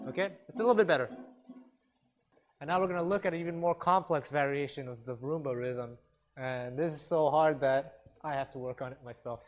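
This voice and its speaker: High-voiced man teaching guitar rhythms. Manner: counts beats and sings rhythms aloud; relaxed, encouraging, self-deprecating. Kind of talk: instructional workshop talk. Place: workshop room with students. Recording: guitar music in the background. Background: guitar playing.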